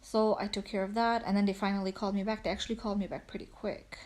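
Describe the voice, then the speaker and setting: A woman's voice: medium pitch, little pitch movement, fast talker, a little mellow. A young woman talks straight to her camera from the couch, casual and chatty. She sounds a bit short of breath, and her sentences wander, full of "like" and "um". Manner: chatty, rambling, many "like"s. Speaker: vlogger. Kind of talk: casual chat. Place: at home on a couch.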